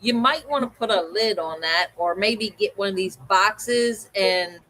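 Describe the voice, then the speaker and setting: A woman's voice: mid-range voice, a little slow, fairly bright tone, rough recording. A woman co-hosting a livestream, telling a story in casual chat and acting out the people she quotes. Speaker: co-host of a livestream hangout.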